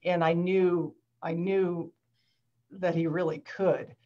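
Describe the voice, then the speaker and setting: A woman's voice: on the low side, steady tone, takes it slowly, dark tone. Hesitant woman on a dull call. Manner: hesitant, reflective, with restarts. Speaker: doctor and guest author.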